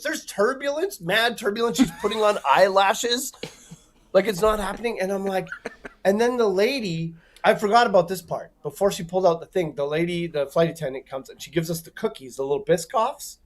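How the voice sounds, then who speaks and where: A man's voice: high-pitched, brisk. A man, a comedian guest on a talk show, telling a story with lots of energy and acting out the people in it. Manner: lively, swearing, acts out voices in a story. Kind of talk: animated storytelling.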